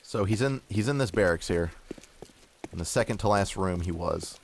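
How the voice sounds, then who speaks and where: A man's voice: sits low, expressive, moderate pace, gravelly, slight background noise. A young man giving casual, joking play-by-play of his own gameplay, poking fun at himself. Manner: joking, self-mocking play-by-play. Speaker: gameplay commentator. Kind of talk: casual game commentary.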